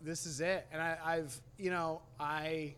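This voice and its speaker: A stand-up comedian from New Hampshire, rambling and swearing freely in a casual podcast chat. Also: male voice, fairly high pitch, steady tone, a little slow, fairly bright tone, clear, resonant tone.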